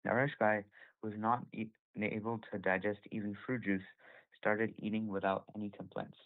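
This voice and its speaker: A man reading a devotional story aloud to a group, steady, with small self-corrections. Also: on the low side, normal speed. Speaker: reader at a group scripture session. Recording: tinny phone-like call audio.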